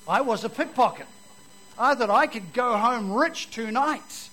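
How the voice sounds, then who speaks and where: A man giving a personal testimony to an audience, telling it vividly and moving from loud to hushed. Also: very high-pitched, expressive, normal speed, poor audio. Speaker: speaker giving his testimony.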